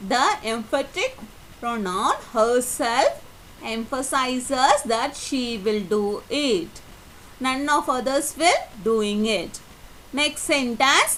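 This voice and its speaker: A woman's voice: fairly high pitch, sing-song, very slow, sharp tone, slight background noise, low-quality recording. A woman teaching an English grammar lesson, reading example sentences aloud and explaining each one, with small grammar slips. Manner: reads example sentences then explains them, non-native grammar slips.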